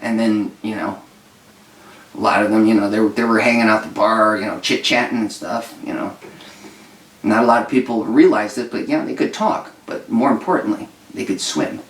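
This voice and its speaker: A man's voice: fairly low pitch, moderate pace. A man co-hosting a podcast, telling a rambling, mock-serious tall tale in casual chat. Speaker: podcast co-host. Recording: roomy, distant mic.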